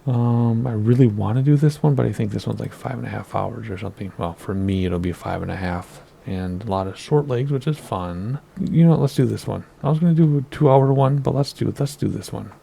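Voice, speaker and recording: A man's voice: mid-range voice, fairly quick, vocal fry, few pauses, mellow, husky. A man in his thirties hosting a flight simulator video in casual, rambling commentary. He hesitates and wavers over how to pronounce place names. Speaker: flight sim video host.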